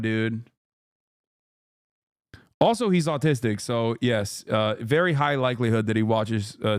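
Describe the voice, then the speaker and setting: A man's voice: medium pitch, darkish tone, no room sound, clean studio sound. Blunt, profane male streamer. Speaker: streamer host. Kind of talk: casual reaction commentary.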